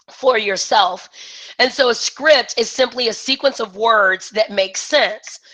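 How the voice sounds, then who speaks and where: A woman business coach with a somewhat high voice talks to her live online audience with lots of energy. She acts out little exchanges, switching between both speakers to make her point. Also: fairly bright tone, poor audio. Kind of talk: live-streamed coaching talk.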